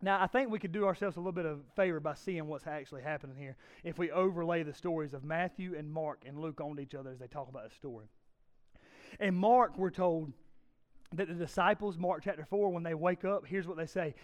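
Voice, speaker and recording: A pastor in his thirties delivers a sermon in a notably high voice. He drops to near-whispers and then climbs to loud emphasis. He keeps the room engaged with rhetorical questions. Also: brisk. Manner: dramatic swings from hushed to loud, rhetorical questions.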